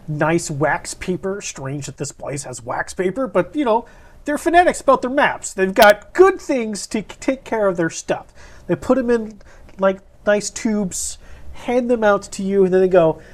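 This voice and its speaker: A woman narrating as game master in a tabletop game, casual and lively, swearing freely. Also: fairly low pitch.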